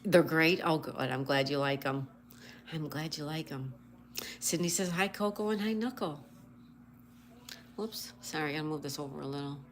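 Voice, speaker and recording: A woman with a slightly low voice hosts a relaxed livestream, greeting viewers by name and reading their messages aloud. She works through crossword clues and spells the answers letter by letter. Faint background noise sits under her voice. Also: normal speed, pauses often. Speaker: livestream host. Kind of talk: casual livestream chat.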